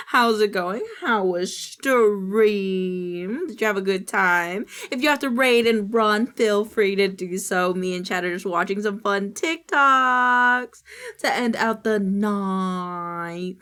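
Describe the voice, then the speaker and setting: A young woman streaming, chatting casually and reacting to clips, high and loose, swearing and squealing. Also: sharp tone, clear, resonant tone. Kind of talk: casual chat reacting to videos.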